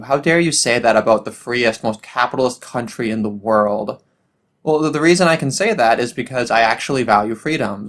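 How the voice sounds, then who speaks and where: A man's voice: mid-range voice, a bit bright. A young adult man delivering a ranting solo political commentary, sarcastic, with frequent restarts and fillers.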